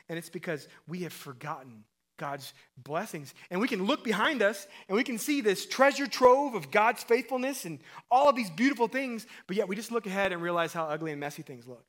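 A man preaching a sermon as pastor, asking his listeners questions and acting out quoted voices, swinging between loud emphatic calls and quiet low passages. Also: lively intonation, brisk. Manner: acts out quoted voices and asks the crowd questions.

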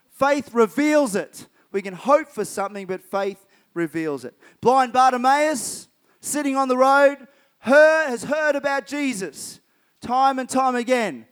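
A man's voice: extremely high pitch, a bit bright, clean tone. A man preaching a sermon, retelling Bible stories vividly and repeating key phrases for emphasis.

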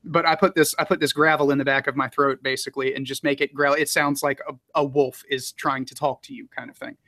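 A man's voice: mid-range voice, brisk, no echo. Male narrator, mid-range voice, easygoing and rambling, dry close-miked sound. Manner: relaxed, rambling, frequent fillers and laughs. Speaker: audiobook narrator. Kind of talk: casual interview talk.

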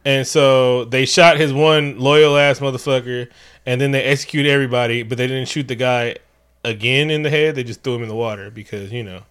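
A man co-hosting a casual movie review chat, telling the plot in an animated, profane, joking way. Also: mid-range voice, brisk, smooth. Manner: animated, profane, jokey storytelling. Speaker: podcast co-host.

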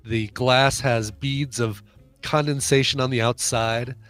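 A man's voice: medium pitch, steady tone, measured pace, a bit bright. A man co-hosting a podcast in casual chat, stuffy and congested, rambling with fillers. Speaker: podcast co-host.

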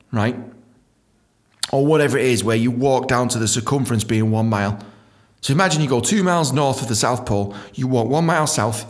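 A young man, telling a rambling, profane comic story as a podcast host. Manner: profane, animated storytelling with sudden high-pitched voices.

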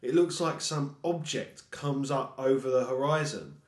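A man's voice: mid-range voice, unhurried. A man co-hosting a casual podcast chat, laid-back and casually swearing. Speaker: podcast co-host. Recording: roomy echo.

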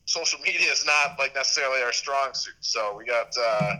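A man's voice: mid-range voice, a little fast, pushed and bright, poor audio. A man in his thirties chatting as a podcast guest, rambling with restarts and fillers. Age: 30s. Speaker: podcast guest, sports media host. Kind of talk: casual interview chat.

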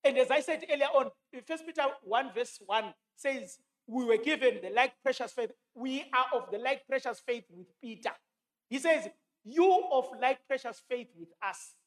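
High-voiced man preaching. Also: normal speed. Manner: emphatic, repeats key lines, quotes scripture. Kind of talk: sermon.

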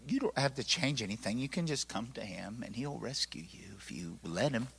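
A man playing an older Baptist pastor who speaks slowly and with measure, firm at times and gentle at others. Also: mid-range voice, lively intonation, gravelly, slightly rough, voice pushed down, full character voice. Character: older Baptist pastor, stern then tender.

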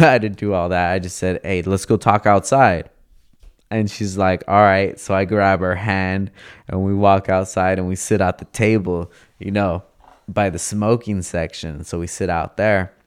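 A young man with a low, clean-toned voice tells a laid-back, profane story full of slang, acting out the quoted lines of the people involved.

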